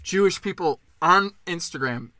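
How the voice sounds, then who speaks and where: Man, fairly high and bright, profane sarcastic ranter, recorded dry. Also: lively intonation, unhurried, no echo. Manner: sarcastic, profane, mocking impressions. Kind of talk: ranting casual monologue.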